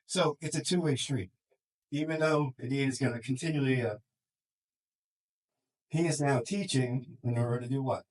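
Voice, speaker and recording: A middle-aged man speaking as a counselor to a group in a room, in a middle-pitched voice. His delivery is casual and animated. He jumps into playful quoted voices of parents and kids. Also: poor audio. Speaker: school counselor and life coach.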